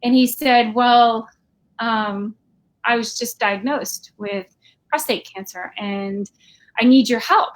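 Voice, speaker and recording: A woman guest telling a lively personal story on a video call, acting out quoted voices. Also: a little high, takes it slowly. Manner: animated, acts out quoted voices. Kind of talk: storytelling in casual chat.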